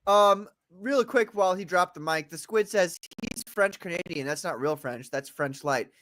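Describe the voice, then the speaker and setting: A man's voice: sits high, moderate pace, fairly bright tone, no echo. A man hosting a casual podcast chat, joking and laughing often as he tells stories. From North America. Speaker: podcast host. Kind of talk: casual banter.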